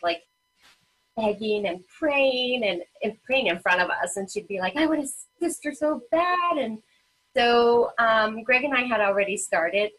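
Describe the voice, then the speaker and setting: Woman, 30s, husky, heartfelt conversational storyteller, lots of "um" and "like". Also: mid-range voice, fairly bright tone, poor audio. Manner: emotional storytelling with many fillers. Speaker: guest, parent advocate and children's author. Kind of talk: personal story in a casual interview.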